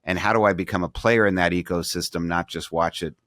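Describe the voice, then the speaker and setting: Middle-aged male podcast co-host, very deep, loose conversational delivery with restarts, dry sound. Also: fairly even intonation, fairly quick, a bit bright, no room sound. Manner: rambling, restarts sentences, thinks aloud. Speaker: podcast co-host, banking advisor. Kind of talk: casual business podcast chat.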